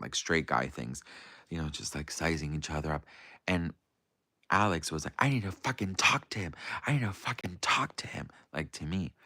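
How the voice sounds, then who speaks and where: A young man from the United States with a very low voice, talking casually to his live chat and rambling through a story full of "like" and "um". The sound is close and dry, with no room around it. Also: a bit bright, no echo. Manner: rambling, heavy on fillers. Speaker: livestream host.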